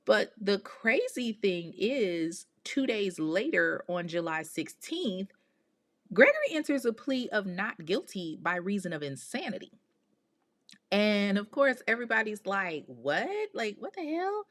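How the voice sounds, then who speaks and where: A woman recounts a true-crime case in loose, chatty storytelling. Her voice sits at a middle pitch, and her delivery is animated and outspoken. She breaks in with exasperated slangy asides. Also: a little slow. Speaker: podcast host.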